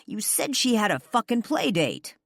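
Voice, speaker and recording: A woman voicing a young male rock star and father who is gentle with his child and blunt and cursing in arguments. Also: on the high side, sing-song, moderate pace, creaky, no room sound, studio quality, voice pushed up, full character voice. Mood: angry, hushed.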